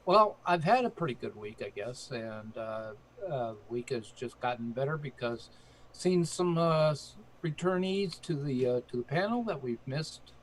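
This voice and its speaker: A man in a casual group chat, talking haltingly with many "uh" and "um" fillers. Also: medium pitch, lively intonation, slight background noise.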